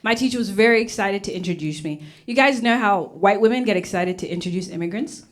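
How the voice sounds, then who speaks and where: A woman's voice: medium pitch, quick pace, slight background noise. A young woman stand-up comedian from Uganda, telling stories on stage and acting out voices, sometimes dropping to a whisper for a punchline. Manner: animated, acts out voices, drops to whispers for punchlines. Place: comedy stage before a live audience.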